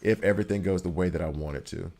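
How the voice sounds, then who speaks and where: Deep-voiced man rambling over gameplay. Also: fast, creaky, darkish tone. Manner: rambling, joking, repeats himself for emphasis. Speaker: gaming streamer. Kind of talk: casual gameplay commentary.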